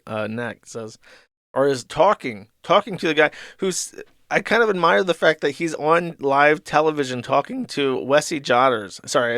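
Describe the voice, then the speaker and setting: A man's voice: mid-range voice, fairly bright tone, dry recording, clean studio sound. Rambling, profane male podcast host. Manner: rambling, profane, with laughing asides. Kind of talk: casual comic commentary.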